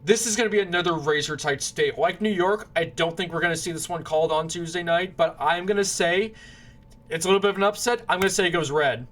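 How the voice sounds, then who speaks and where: A man's voice: high voice, fast talker, a bit bright. A man giving casual political predictions, rambling, often restarting and apologizing when he stumbles over names. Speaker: political commentator.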